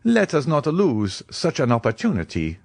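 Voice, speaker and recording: A man reading aloud as a nonchalant aristocrat, cool and commanding as he closes a purchase. The voice moves a lot in pitch, and the audiobook recording is dry and close. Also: moderate pace, vocal fry, no room sound, full character voice. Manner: calm, offhand, commanding. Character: cool, wealthy nobleman buying a house.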